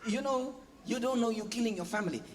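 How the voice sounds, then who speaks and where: A pastor preaching a sermon, asking the congregation for agreement and acting out family scenes with playful voices and sound effects. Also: male voice, very high-pitched, quick pace, a little hiss or hum. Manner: preaching with call-and-response questions to the congregation. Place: church hall. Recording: long reverb of a church hall.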